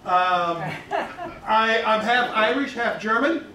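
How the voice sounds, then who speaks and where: A man from Ohio doing stand-up, delivering deadpan, self-mocking one-liners. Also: high voice, slow, far from the mic. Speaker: stand-up comic. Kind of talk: stand-up comedy set. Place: comedy club stage. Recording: roomy club, off-mic, clear noise.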